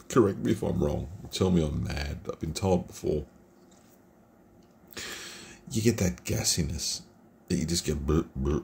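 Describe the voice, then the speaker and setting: A man's voice: a bass voice, vocal fry, a little mellow, slight background noise. A middle-aged man from Australia giving a casual, rambling beer review at night in his computer room at home. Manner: rambling, chatty and informal.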